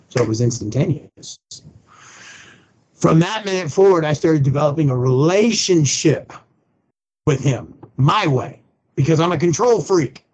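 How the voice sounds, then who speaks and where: A man's voice: mid-range voice, a little mellow, dull audio. A man, a pastor, telling his recovery testimony in a blunt, colloquial way and acting out the people he quotes. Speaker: pastor and podcast guest. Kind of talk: personal testimony in conversation.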